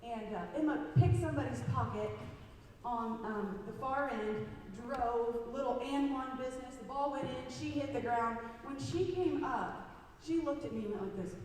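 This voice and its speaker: A Midwestern American woman coach speaks to a crowd in a school gym, her voice high and carried by a long, booming echo. She is recorded from far off, the sound spread wide across the hall. She tells her stories warmly, and her voice turns emotional now and then. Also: moderate pace, slight background noise. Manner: warm storytelling, emotional, self-deprecating jokes. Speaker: girls basketball coach. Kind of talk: senior night speech to a gym crowd.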